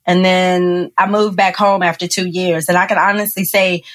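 A woman, a podcast guest telling a personal story with lively acted-out quotes and frequent laughter. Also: on the low side, normal speed. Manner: animated storyteller, acts out quotes, laughs often. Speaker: podcast guest, engineer and speaker. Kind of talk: storytelling interview.

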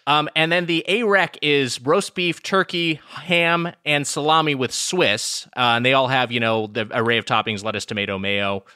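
Bright lively guy on a food podcast, dry close mic. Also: mid-range voice, normal speed, hardly any pauses, clean tone, no echo. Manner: animated, reads menu items aloud. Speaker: podcast co-host. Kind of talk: casual food podcast chat.

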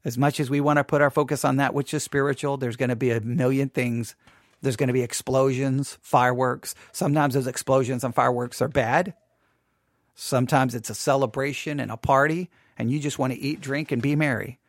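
A man hosting a Bible podcast, chatting casually and restarting his sentences, then reading scripture slowly and solemnly. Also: medium pitch, steady tone, dry recording, studio quality. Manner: chatty and self-interrupting, reads scripture in a slow solemn cadence. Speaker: podcast host and Bible teacher. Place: small home studio.

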